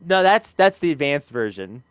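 A man's voice: a little high, very animated, moderate pace, smooth, no room sound. A man co-hosting a casual review podcast, rambling, laughing often and swearing casually into a close mic. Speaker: podcast co-host.

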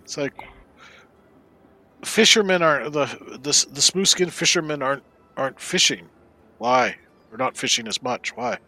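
A man voicing a big, simple-minded, good-natured monster who talks in broken, halting speech. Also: fairly high pitch, expressive, bright, forceful tone, dry recording. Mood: puzzled.

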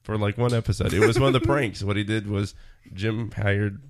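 A man's voice: lowish voice, steady tone, normal speed. A man co-hosting a podcast in a casual, rambling chat, full of fillers. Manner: laid-back, rambling with fillers. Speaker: podcast co-host.

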